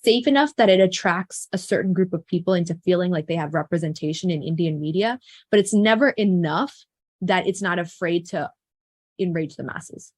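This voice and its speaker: A woman's voice: fairly low pitch, normal speed, no room sound, clean studio sound. A woman co-hosting a casual film review chat, speaking earnestly and searching for words with many fillers.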